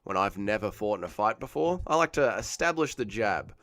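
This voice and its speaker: A man's voice: fairly low pitch, sing-song, a little fast, fairly bright tone. A man, hosting a casual fight watch-along stream and joking crudely as he reads chat aloud. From Australia. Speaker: livestream host.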